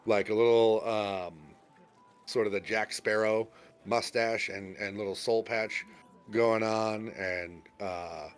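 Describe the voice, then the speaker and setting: A man's voice: on the low side, steady tone, slow, smooth, faint music behind. A man narrating a tabletop role-playing game as game master, in a loose, rambling way with lots of fillers. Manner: rambling, full of fillers and restarts.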